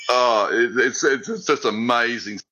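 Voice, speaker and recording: Bright, husky man in rambling chat. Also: medium pitch, a little slow, lo-fi sound. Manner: rambling and chatty, with stumbling restarts. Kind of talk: casual chat on a call-in show.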